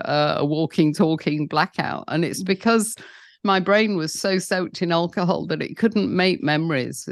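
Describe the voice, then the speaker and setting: A woman in her sixties with a British accent speaks candidly about her past. Her voice has a gravelly texture, and the sound is close and dry. She leans on "you know" and slips in wry laughs. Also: on the low side, dry recording. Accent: British English. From Britain. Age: 60s. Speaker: guest. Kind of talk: personal storytelling interview.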